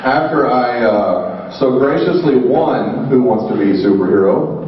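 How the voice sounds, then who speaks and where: Animated man telling stories in a hall. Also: mid-range voice, a little slow, very noisy. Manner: animated, acts out quotes and sound effects. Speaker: panel emcee. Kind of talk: storytelling to a convention crowd. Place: large convention hall. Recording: echoey hall, distant mic, muffled.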